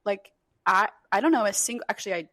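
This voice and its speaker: A woman's voice: mid-range voice, quick pace, a bit bright, no echo, studio quality. A young woman co-hosting a podcast, telling stories in casual chat with lots of fillers. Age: young adult. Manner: chatty storyteller, many fillers. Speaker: podcast co-host.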